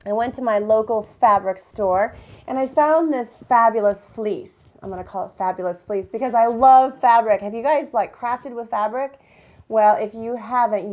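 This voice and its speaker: A woman's voice: on the high side, darkish tone. A woman hosting a card-making tutorial, bubbly and enthusiastic, chatting to her viewers. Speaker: crafting channel host.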